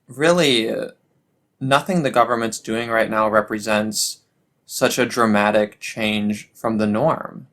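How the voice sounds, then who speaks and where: A man's voice: fairly low pitch, a bit bright. Man ranting political commentary. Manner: ranting, sarcastic, frequent restarts.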